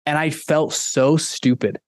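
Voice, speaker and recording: A man's voice: fairly high pitch, fairly even intonation, slow, no room sound. A young man chatting as a podcast guest, telling stories in a loose, rambling way full of restarts and fillers. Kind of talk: casual podcast conversation.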